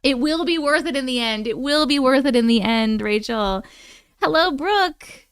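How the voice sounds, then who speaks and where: A woman's voice: high-pitched, normal speed, clear, resonant tone, no echo, studio quality. A woman with an Oklahoma accent hosting a casual livestream, venting with lots of swearing and laughter while reading viewer chat. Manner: animated, exasperated venting with frequent swearing and laughter.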